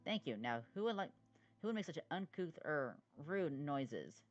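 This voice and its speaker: A voice actor playing a prim, stern, scolding schoolteacher in an animated series, on a dull, lo-fi recording. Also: mid-range voice, normal speed, soft background music, lightly acted.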